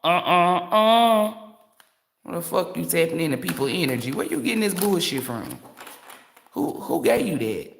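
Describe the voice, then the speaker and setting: A woman's voice: low-pitched, big pitch swings, fairly quick, creaky, slight background noise. A woman tarot reader delivering a blunt, profane, emphatic rant on a livestream.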